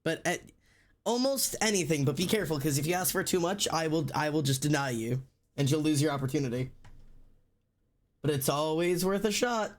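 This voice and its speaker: Male streamer, slightly high-pitched, sore throat, keeps it low-key and chatty while drawing. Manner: chatty, rambling, swears casually; deliberately low-energy delivery. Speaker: livestreamer. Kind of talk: casual livestream chat while drawing.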